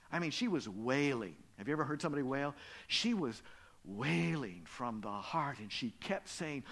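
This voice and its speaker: A man preaching a sermon as pastor, telling stories and dropping from loud emphasis to hushed whispers. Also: medium pitch, big pitch swings, normal speed. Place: church.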